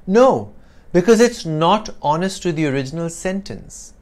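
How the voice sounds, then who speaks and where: A man teaching an English lesson, explaining clearly and deliberately with wry asides. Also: a little high, expressive.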